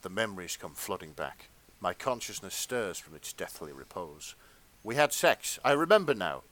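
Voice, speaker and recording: A man co-hosting a comedy podcast, reading fan fiction aloud in a hushed, mock-serious tone. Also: low-pitched, big pitch swings, normal speed, a little hiss or hum. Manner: reads in a hushed, mock-serious tone, then cracks up. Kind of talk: dramatic reading with comic asides.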